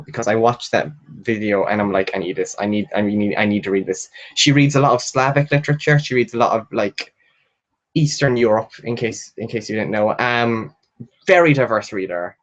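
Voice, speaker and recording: Young male book vlogger, mid-pitched, loose and chatty, rambling enthusiasm with constant fillers and casual profanity. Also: a bit bright, muffled recording. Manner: rambling and gushing, with frequent "like" fillers and swearing; reads viewer comments aloud and answers them. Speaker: booktuber hosting a live stream. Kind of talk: casual live-stream chat.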